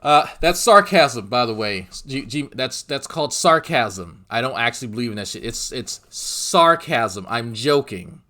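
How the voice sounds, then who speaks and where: A man's voice: medium pitch, lively intonation, moderate pace, hardly any pauses, pushed and bright. A middle-aged man hosting a commentary channel, mocking and ranting in a crude, sarcastic way.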